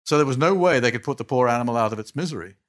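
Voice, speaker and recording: An older male guest tells anecdotes in a casual interview, talking rapid-fire in an ordinary middle pitch. He's animated, chuckles as he goes, and often trails off or backs up mid-sentence to restart.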